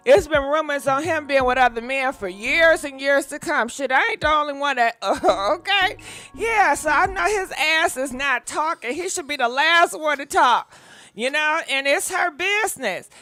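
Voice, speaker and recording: Sassy high-voiced woman gossip host. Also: animated, normal speed, sharp tone, no room sound, soft background music. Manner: sassy, laughing, talks back at celebrities. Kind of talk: casual live gossip commentary.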